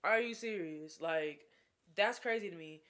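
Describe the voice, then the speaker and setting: Young woman, storytime vlogger, lively and slangy, close mic. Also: on the low side, unhurried. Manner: animated, slangy, dramatic. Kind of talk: storytime vlog.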